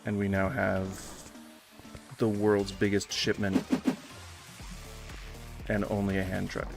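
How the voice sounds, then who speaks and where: A man's voice: sits low, monotone, slow pace, gravelly, music in the background. A man giving casual gameplay commentary in a rambling manner, swearing freely and yelping suddenly. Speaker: gaming YouTuber.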